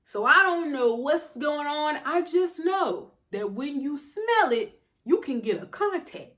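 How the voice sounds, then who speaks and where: Brief: a young woman vlogger with a high voice, telling a personal story in a slangy, animated way. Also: unhurried. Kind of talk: storytime vlog.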